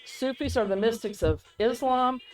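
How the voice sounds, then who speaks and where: A woman co-hosting a casual podcast chat, rambling and animated, often laughing as she talks. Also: on the high side, normal speed, low-quality recording. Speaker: podcast co-host.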